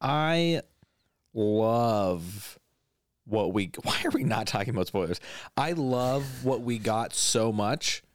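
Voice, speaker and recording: Man, casual podcast co-host, excitable and joking, very lively pitch. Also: takes it slowly, dry recording, clean studio sound. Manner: excitable, swears and jokes around. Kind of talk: casual chat.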